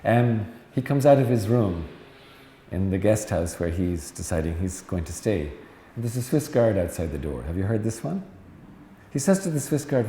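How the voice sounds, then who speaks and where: A man's voice: on the low side, very animated, moderate pace, dark tone. A middle-aged Irish man, a Jesuit priest, giving a chatty lecture full of anecdotes and teasing asides to the audience. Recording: echoey hall with faint noise.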